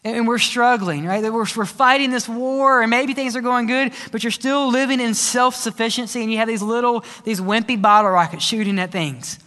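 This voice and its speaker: A man preaching a sermon as pastor, telling stories in a lively way, with playful sound effects and asides. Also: very high-pitched, a little fast, hardly any pauses. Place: church sanctuary. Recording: church hall reverb.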